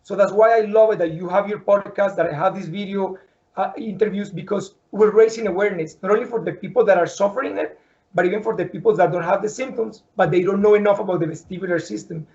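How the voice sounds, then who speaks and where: Man, host, earnest, high voice, gravelly, dull lo-fi sound. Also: fast, darkish tone. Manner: earnest, repeats words and restarts often. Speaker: podcast host. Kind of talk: emotional interview conversation.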